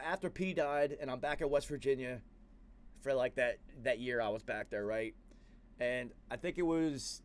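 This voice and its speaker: A man hosting a podcast, telling a story in a casual, slangy, profane way. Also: medium pitch. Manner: slangy and profane, says "yo" and "dude" a lot. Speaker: podcast host.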